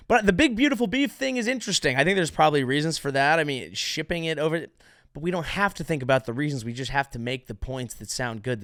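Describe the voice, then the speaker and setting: Sarcastic comedian man, slightly high voice. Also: fairly bright tone, no room sound, studio quality. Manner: sarcastic, rambling, self-interrupting; mock-grand, hyped delivery. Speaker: comedian podcast host. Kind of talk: comedic podcast monologue.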